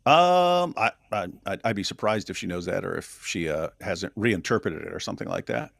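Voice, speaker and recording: Brief: lively male co-host, mid pitch, dry close sound, laughs through his points. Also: moderate pace, creaky, no room sound. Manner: animated, laughs while talking, frequent restarts. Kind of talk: casual political discussion.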